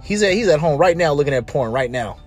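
A man's voice: fairly high pitch, fast talker, faint music behind. A man speaking casually about relationships, telling stories and acting out what other people said. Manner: animated storytelling, mimicking others.

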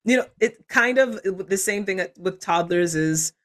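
A woman in her forties, a parenting coach talking as a podcast guest, animated and quick to laugh. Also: mid-range voice. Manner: animated, laughs often, acts out quoted parents and kids. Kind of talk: casual interview conversation.

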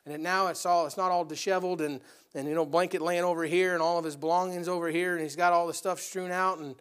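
A man preaching a sermon, swinging from quiet, measured explanation to loud, urgent exhortation. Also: high voice, steady tone, clean tone. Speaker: pastor.

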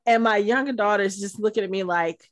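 A middle-aged woman co-hosting a podcast, telling a long convention story in casual chat and acting out the quotes in high voices. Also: quick pace, a little hiss or hum. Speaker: podcast co-host.

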